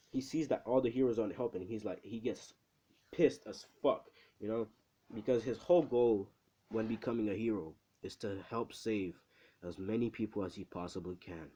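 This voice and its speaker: A man's voice: fairly low pitch, warm tone. A young man casually retelling a fan what-if story in a rambling, profane way, with lots of fillers. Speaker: channel host.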